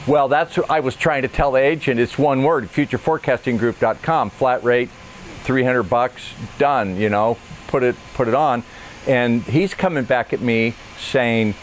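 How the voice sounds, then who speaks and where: Male host, casual comedic chat, low-key delivery. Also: moderate pace, a little hiss or hum.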